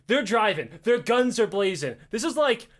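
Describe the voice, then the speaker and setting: A man casually telling a history story on a podcast, animated and profane, acting out quotes and laughing often. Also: high-pitched, moderate pace.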